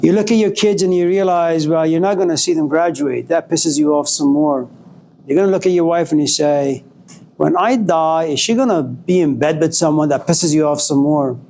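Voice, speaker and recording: At a normal speed, this male college lecturer speaks with a creaky, dark voice over a little hiss or hum. His classroom lecture is dramatic: he acts out scenes and his voice leaps upward when he feigns anger.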